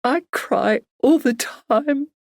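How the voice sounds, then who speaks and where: A woman voicing a grieving female friend who speaks in high, trembling, tearful lines. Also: animated, dry recording, clean studio sound. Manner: high, trembling, slow sobbing delivery.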